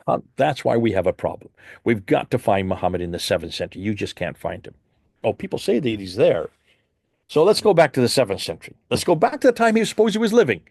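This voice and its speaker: Animated man lecturing with rhetorical questions. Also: no room sound, clean studio sound. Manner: emphatic, rhetorical questions, animated swings in pitch. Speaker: Christian apologist presenter. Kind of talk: lecture presentation with slides.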